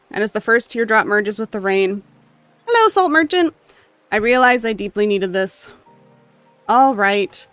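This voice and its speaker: A gamer reading a story game's text aloud with emotional, expressive delivery and occasional asides. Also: medium pitch, clear, resonant tone, no room sound. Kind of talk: dramatic reading of game text.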